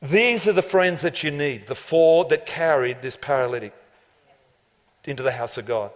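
High-voiced pastor in a big hall. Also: male voice, moderate pace. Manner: animated, joking, laughs often, builds to shouted climaxes. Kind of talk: lively sermon. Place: church auditorium. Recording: long reverb of a large hall.

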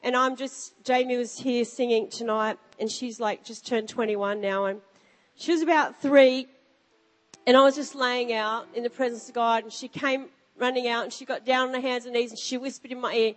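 Animated woman preaching in a reverberant hall. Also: on the high side, normal speed. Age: middle-aged. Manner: emphatic, animated storytelling. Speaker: pastor. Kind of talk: sermon with storytelling and scripture reading. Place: church stage before a live congregation. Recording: reverberant hall with faint music.

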